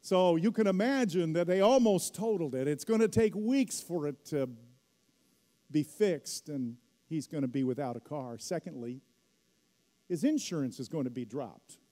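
Man, middle-aged, pastor, sermon storytelling, emphatic, high-pitched, long hall reverb. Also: lively intonation, normal speed, warm tone. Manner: storytelling, rising to emphatic peaks. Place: church hall.

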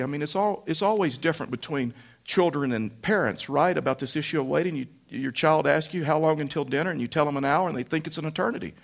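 A pastor with a slightly high, gravelly male voice preaches a sermon in a folksy, storytelling way. He drives his points home by repeating phrases.

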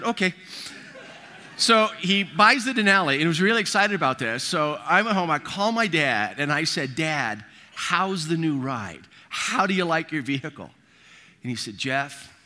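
A man's voice: fairly high pitch, pushed and bright, slight background noise. A man preaching a sermon, telling stories with quoted voices and humor. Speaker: pastor. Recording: long reverb of a large hall.

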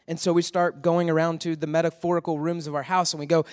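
High-voiced man preaching in a reverberant hall. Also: little pitch movement, fast talker, hardly any pauses. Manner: conversational, storytelling, asks the crowd questions. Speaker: youth pastor. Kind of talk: sermon to students.

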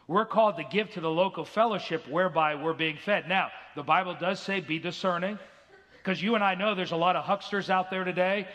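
A man in the pulpit delivering an earnest sermon in a high-pitched voice. His tone is bright and forceful, and he slips into acted voices to tell his stories. The sound carries through a big church sanctuary with a long, ringing reverb. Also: a little fast. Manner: earnest preaching, acts out quoted voices. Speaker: pastor.

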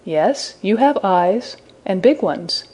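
A woman voicing an innocent young woman in a storybook reading, speaking softly and soothingly. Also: medium pitch, lively intonation, takes it slowly. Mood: tender. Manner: soft, soothing and wondering. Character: innocent gentle young woman, tender and motherly.

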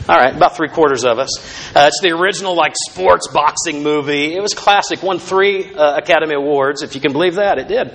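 A man's voice: fairly high pitch, fairly quick, fairly bright tone. A male pastor preaching a sermon in a conversational, storytelling way, with asides to the congregation.

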